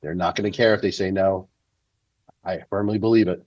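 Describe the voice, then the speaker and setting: Low-voiced man on a muffled video call. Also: a little fast, no room sound. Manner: relaxed, reflective, many fillers. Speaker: guest finalist. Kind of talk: casual conversation.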